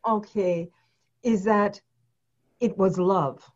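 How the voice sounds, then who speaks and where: A woman's voice: mid-range voice, steady tone, slow, darkish tone. A woman hosting an interview, affirming and encouraging her guest as she shares her own memories. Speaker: host. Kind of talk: warm interview conversation. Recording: dull lo-fi sound.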